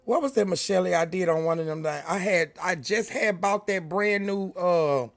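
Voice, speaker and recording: A woman's voice: lowish voice, moderate pace, dry recording. Chatty woman streaming from home, dry sound. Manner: chatty, calls viewers baby and honey. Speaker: livestream host. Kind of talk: casual livestream chat. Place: room at home.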